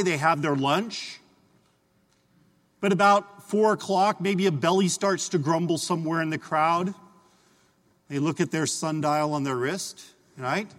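A man's voice: high-pitched, a bit bright. A man preaching a homily as a priest, talking in a conversational storytelling way that voices people's imagined thoughts. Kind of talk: sermon. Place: church. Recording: reverberant church hall.

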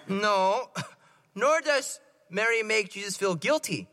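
A man's voice: high voice, lively intonation, takes it slowly, sharp tone. A man, a priest, giving a playful sermon and quizzing the congregation with jokes. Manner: playful, joking and asking the congregation questions. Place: church. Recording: long hall reverb.

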